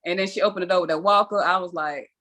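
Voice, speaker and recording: A woman's voice: fairly low pitch, fast talker, a bit bright. A young adult woman hosting a weekly video call, telling a story casually, with a chatty, self-mocking manner and frequent laughs.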